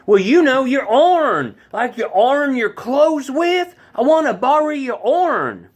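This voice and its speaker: A man's voice: extremely high pitch, very animated, slow pace, voice pushed up, exaggerated voice. A man voicing a blunt young mountain woman with an East Tennessee accent and a drawl. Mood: impatient.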